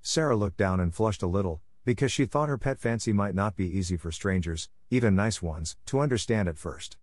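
A man reading a classic storybook aloud as narrator, in a measured, even manner. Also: lowish voice, no room sound, studio quality.

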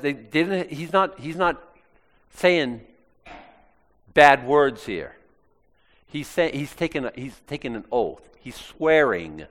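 A man from Maine, in the US, preaches a sermon, acting out quoted lines in shifting voices. His voice is mid-range with a fairly bright tone, and a long hall reverb surrounds the recording.

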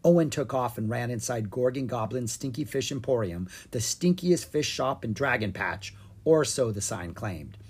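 A reader narrating a children's storybook in a lively, expressive way. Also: mid-range voice, normal speed, husky. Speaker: audiobook reader.

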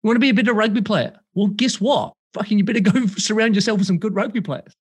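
A man chatting casually as a podcast guest over a remote call, animated and swearing freely, acting out quoted voices. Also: high voice, quick pace, slightly rough.

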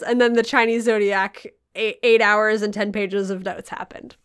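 A woman hosting a podcast in casual chat, telling stories with swearing and big jumps in pitch when excited. Her throat is a little sore. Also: normal speed, hardly any pauses, clear, resonant tone. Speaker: podcast host.

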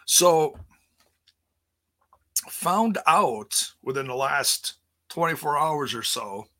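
Man, forties, podcast host, fairly high voice, slow, playful rambling livestream chat. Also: expressive, sharp tone. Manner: playful, rambling, with many restarts. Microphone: streaming setup.

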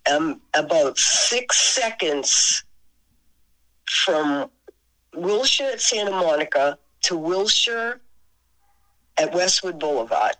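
An older woman, a singer and podcast guest, telling a story in casual chat, animated and laughing often as she acts out both sides of a conversation. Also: low voice, slow pace, long pauses, low-quality recording. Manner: animated, laughing often, voices her friend's lines.

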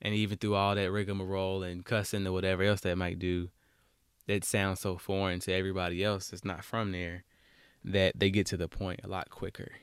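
Male podcast host, young, blunt and animated; smooth, resonant, lowish voice, dry close sound. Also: fairly quick, dry recording. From Alabama, US South. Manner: blunt, animated, repeats words when worked up. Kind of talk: solo podcast monologue.

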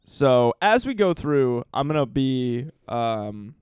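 A man's voice: mid-range voice, sing-song, takes it slowly, a little mellow, clear, resonant tone, no room sound, clean studio sound. A man co-hosting a podcast, retelling a play in a loose, swearing, laughing way with plenty of ums. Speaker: podcast co-host telling the story. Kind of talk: casual chat.

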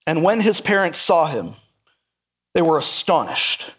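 A man's voice: fairly high pitch, sing-song, a little slow, a bit bright, slightly rough. A male pastor preaching a sermon in an earnest, emphatic way, repeating his key points.

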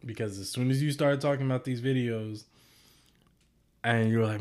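A man's voice: medium pitch, steady tone, moderate pace, long pauses, darkish tone. A man co-hosting a podcast in casual chat, laid-back, asking questions and laughing along. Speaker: podcast co-host.

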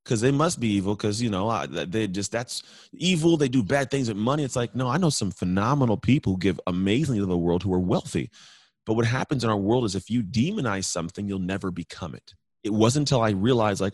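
Energetic low-voiced man telling stories. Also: fast talker, no room sound. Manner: energetic, storytelling, rising emphatically when urging. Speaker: podcast guest, former pro athlete. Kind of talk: motivational conversation.

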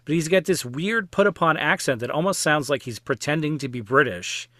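A man's voice: a little high, expressive, a little fast, fairly bright tone, no room sound, clean studio sound. A man chatting casually and wryly about a film on a podcast, with plenty of fillers. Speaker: podcast guest or co-host.

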